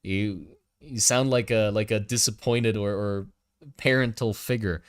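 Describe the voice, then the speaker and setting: A man's voice: fairly low pitch, unhurried, dry recording, clean studio sound. A man in his twenties, originally from Germany, speaking with an American accent, chatting and joking casually with his stream chat as a streamer. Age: 20s. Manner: joking, teasing banter with chat.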